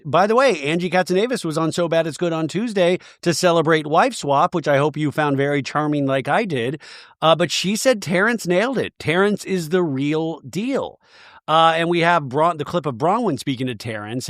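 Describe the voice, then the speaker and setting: Animated man doing a jokey TV recap. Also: a little high, moderate pace, dry recording, clean studio sound. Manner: animated, jokey, acts out quotes. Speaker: podcast host. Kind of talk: comedic reality TV recap.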